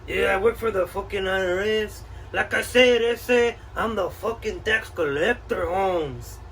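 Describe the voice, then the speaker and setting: A man's voice: extremely high pitch, fairly even intonation, normal speed, sharp tone, recorded from a distance, a little hiss or hum, voice pushed up, full character voice. A man voicing a tough male street-gang tax collector in a comedy sketch, talking streetwise and dropping Spanish slang. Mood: menacing.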